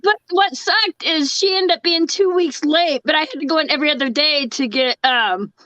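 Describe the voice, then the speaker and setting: A woman chatting casually as a co-host, telling stories loudly and swearing freely, often breaking into laughter. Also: high-pitched, normal speed, no echo, muffled recording. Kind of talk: casual chat.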